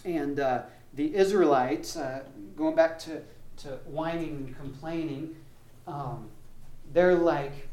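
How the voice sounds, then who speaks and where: Slow-talking pastor giving a casual sermon. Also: male voice, a little high, darkish tone. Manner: conversational, acts out voices of people in the stories.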